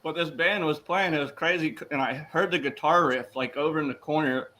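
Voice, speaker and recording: Bright, animated podcast host man. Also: on the high side, fairly quick, poor audio. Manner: animated storyteller, loud swings, laughs through stories. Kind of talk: casual interview chat.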